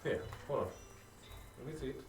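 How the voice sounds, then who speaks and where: Man game master, hesitant tabletop narration, recorded far off in a roomy space. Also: a little fast. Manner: hesitant, filler-heavy narration. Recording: echoey room, far from the mic, faint music.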